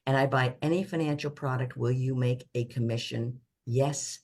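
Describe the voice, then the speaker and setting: A woman's voice: very deep voice, fairly even intonation, normal speed, a little mellow. Emphatic older woman financial planner. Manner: emphatic, playful catchphrases. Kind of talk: casual video chat.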